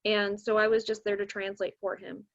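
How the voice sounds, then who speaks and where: A woman's voice: medium pitch, a little fast. A young woman, a math teacher, telling a story in casual podcast talk and acting out the voices of the people she quotes. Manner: animated, acts out quoted voices. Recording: dull lo-fi recording.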